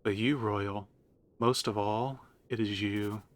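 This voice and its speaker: A man's voice: fairly low pitch, fairly even intonation, slow, a little hiss or hum. A man voicing a haughty, commanding queen mother while reading game dialogue aloud. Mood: cold, scornful. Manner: stately, commanding and condescending. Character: haughty regal mother-queen, ruler of a religious city.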